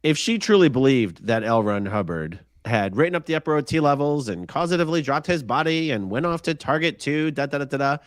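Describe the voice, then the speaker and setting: A man's voice: on the high side, lively intonation, fairly quick, hardly any pauses, no room sound, studio quality. Talkative male host reading viewer comments. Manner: reads viewer comments aloud, asks pointed questions. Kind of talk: live-stream panel chat.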